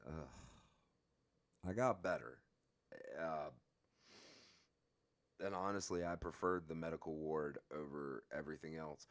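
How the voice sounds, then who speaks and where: A man telling a story from his own life in a casual, profane, lively way. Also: very deep voice, slow, pauses often.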